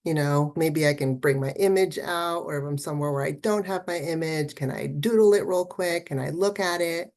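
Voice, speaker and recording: Low-voiced woman art therapist giving a talk. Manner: warm, encouraging, often adds "right?". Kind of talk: festival talk.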